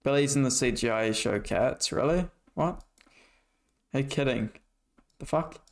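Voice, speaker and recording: Gravelly young man streaming, swearing casually. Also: medium pitch, a little slow. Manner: loose, profane banter with chat and opponent. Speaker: streamer playing a horror game. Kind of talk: casual gaming chat.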